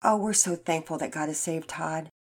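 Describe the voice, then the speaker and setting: A woman reading aloud, voicing a gentle, devout mother in a storybook. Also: sits low, moderate pace, breathy edge. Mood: gracious. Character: devout, gracious mother of a family.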